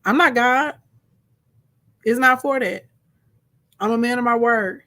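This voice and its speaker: A man's voice: very high-pitched, unhurried, bright, forceful tone, heavily acted. A woman voicing a forgiving, powerful man who talks to his brothers in emphatic, streetwise phrasing.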